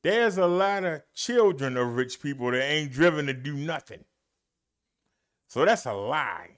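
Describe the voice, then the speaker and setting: Slow, emphatic preaching man. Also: fairly high pitch, expressive, fairly bright tone. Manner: slow, emphatic delivery with long pauses and swooping emphasis; folksy, talks straight to listeners. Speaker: minister. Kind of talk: Bible study preaching.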